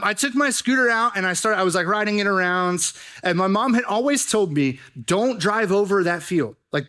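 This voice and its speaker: A young man preaching a youth sermon, telling stories in a joking, animated way with lots of fillers. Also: a little high. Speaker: youth pastor. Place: church youth service.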